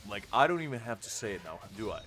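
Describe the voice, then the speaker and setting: A man's voice: fairly low pitch, big pitch swings, fast, fairly bright tone, faint music behind. A young man streaming a game, chatting casually with his viewers in a joking, rambling way and answering them by name. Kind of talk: casual live-stream chat.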